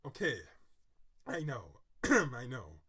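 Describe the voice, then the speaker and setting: A man with a fairly high, bright and forceful voice reads an article aloud on his vlog. He breaks in with dramatic asides and earnest, moralizing commentary. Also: normal speed. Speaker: vlogger. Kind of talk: reading an article aloud, then personal commentary.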